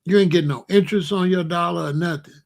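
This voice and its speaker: Middle-aged male host, fairly high voice, blunt and profane, casual slang-filled storytelling. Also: fast talker, vocal fry.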